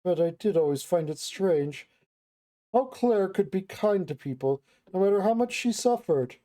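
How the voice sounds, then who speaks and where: A man's voice: high-pitched, lively intonation, moderate pace, dark tone. A man voicing a prickly, grumbling young man. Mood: reflective. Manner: grumbling, irritable, dry. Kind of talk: reading a game's dialogue aloud on stream.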